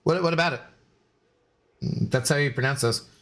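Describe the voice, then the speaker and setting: A man's voice: fairly high pitch, moderate pace, fairly bright tone. A man streaming a game, chatting casually with his viewers, joking and laughing often. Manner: jokey and chatty, laughing often, answering chat. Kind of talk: casual live-stream chat while gaming.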